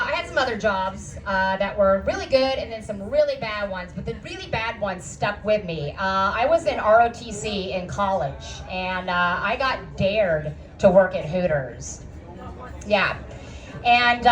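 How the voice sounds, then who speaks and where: A woman in her forties doing a stand-up set at an open mic, telling a brash, profane and self-mocking story. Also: mid-range voice. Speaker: stand-up comic. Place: club stage. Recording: distant mic, live crowd laughter.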